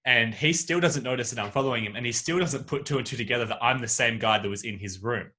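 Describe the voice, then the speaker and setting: A man hosting a podcast, telling an anecdote with animated storytelling and acting out the voices of the people in it, talking from home on a video call. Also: medium pitch, fast talker. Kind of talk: casual chat. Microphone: video call microphone.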